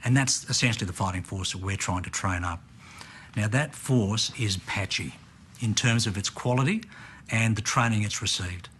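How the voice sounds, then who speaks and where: A man's voice: on the low side, normal speed, fairly bright tone, slight background noise. Matter-of-fact male military officer. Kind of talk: documentary interview.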